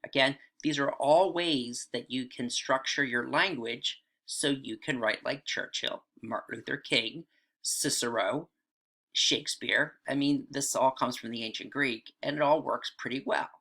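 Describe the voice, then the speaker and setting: A man's voice: mid-range voice, a little slow, bright, forceful tone. A man teaching writing in a casual video lesson, often checking in with "all right" and "right?".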